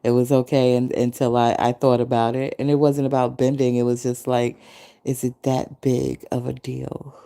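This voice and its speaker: Woman podcaster w a low gravelly mellow voice, animated storytelling. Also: normal speed. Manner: animated storytelling, acting out others' quotes, frequent laughter. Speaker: podcast host. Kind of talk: casual monologue. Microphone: podcast mic.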